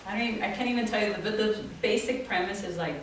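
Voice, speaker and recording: A woman's voice: mid-range voice, fast, recorded from a distance. Laughing woman telling stories in an echoey room. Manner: animated, laughing, acting out voices in quotes. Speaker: guest artist. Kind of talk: storytelling talk. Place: small office event space. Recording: very echoey room, from off-mic, faint noise.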